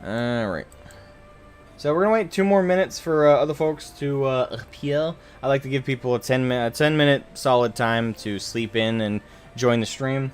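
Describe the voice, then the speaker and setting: A man's voice: mid-range voice, moderate pace, faint music behind. A man streaming a game live, chatting casually with viewers, rambling and correcting himself as he jokes with the chat. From United States.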